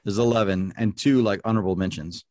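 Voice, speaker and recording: A man's voice: lowish voice, quick pace, a little mellow, dry recording, clean studio sound. A man hosting a podcast trivia game, reading questions and scoring answers playfully. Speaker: quiz host.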